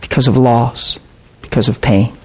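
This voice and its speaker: A man's voice: medium pitch, fairly even intonation, moderate pace, a little mellow, slight background noise. A man preaching with earnest intensity, retelling a personal story and acting out both sides of the conversation. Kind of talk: sermon storytelling.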